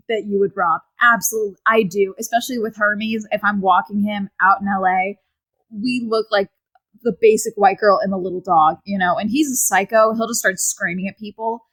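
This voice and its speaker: A young woman hosting a casual podcast, excitable and high strung, often laughing as she reads listener stories. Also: rough recording. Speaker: podcast host.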